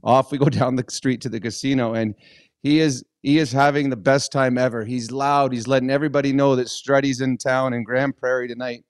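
A middle-aged man co-hosting a podcast, telling a story in a lively, animated way and loudly acting out the people he quotes. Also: medium pitch, brisk, clean tone, no echo, clean studio sound. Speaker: podcast co-host, former hockey player. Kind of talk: casual storytelling chat.

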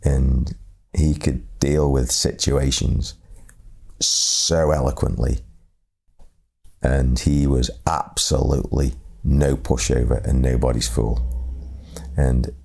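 A middle-aged man telling a reflective story, halting and repeating words in a slow, measured way. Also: rumbling low, fairly even intonation, vocal fry, a little mellow, breathy edge. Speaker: speaker sharing lessons on leadership.

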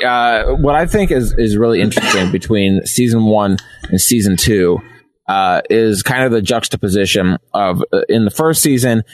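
A man co-hosting a podcast in casual chat, relaxed and talky with frequent fillers. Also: fairly low pitch. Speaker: podcast co-host.

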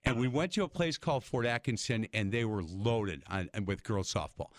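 A man's voice: on the low side, moderate pace, no room sound, clean studio sound. An older man hosting a casual radio interview, telling stories and acting out the people in them. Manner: animated storyteller, acts out quotes. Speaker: radio host.

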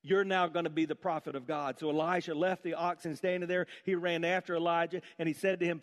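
A man's voice: fairly high pitch, moderate pace. A man preaching an emphatic sermon full of rhetorical questions in a church. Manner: emphatic, rhetorical questions, dramatic shifts between loud and hushed. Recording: long hall reverb.

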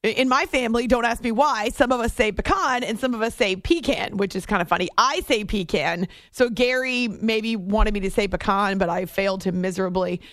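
A woman's voice: a little high, steady tone, brisk, hardly any pauses, a bit bright, dry recording. Chatty woman radio host, dry studio. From Southern US. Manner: chatty, laughing, reads listener messages. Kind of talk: casual sports talk radio chat. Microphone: studio microphone.

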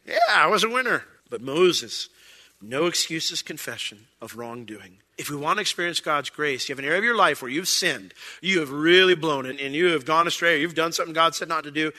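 Male pastor, conversational sermon, somewhat high, very bright forceful tone. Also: fast talker, hardly any pauses, long reverb tail. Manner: conversational, acts out quoted voices.

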